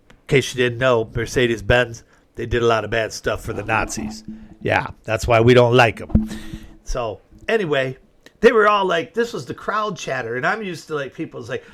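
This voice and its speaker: A man's voice: medium pitch, animated, moderate pace, a bit bright. A middle-aged man hosting a talk show, giving a rambling, folksy opinion monologue that flares up when he gets indignant. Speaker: host.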